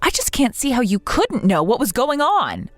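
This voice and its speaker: A woman's voice: on the high side, huge pitch swings, moderate pace, no room sound, soft background music. A woman voicing a hurt, grieving young wife. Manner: earnest, pleading and upset. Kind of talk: text-story voice acting.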